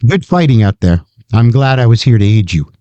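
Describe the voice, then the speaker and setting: A man voicing a stern, mysterious guardian who is the heroine's uncle, speaking in measured pronouncements. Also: mid-range voice, very animated, warm tone, dry recording, muffled recording, natural voice. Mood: grave.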